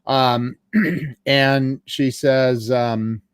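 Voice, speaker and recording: Halting middle-aged man telling his story. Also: mid-range voice, little pitch movement, clear, resonant tone, dry recording. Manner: halting, with frequent stammered restarts. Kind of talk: candid personal storytelling.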